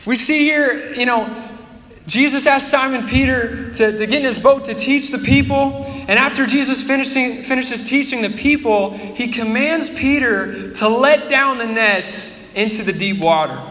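A man's voice: very high voice, normal speed, bright, forceful tone. A man preaching a sermon as a pastor, in a conversational way, and he acts out the voices of his listeners. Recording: echoey hall with long reverb.

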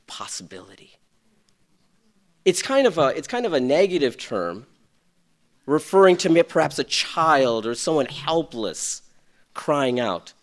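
A man preaching a sermon, swinging between loud, urgent passages and hushed, near-whispered ones. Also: medium pitch, sing-song, measured pace. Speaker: pastor.

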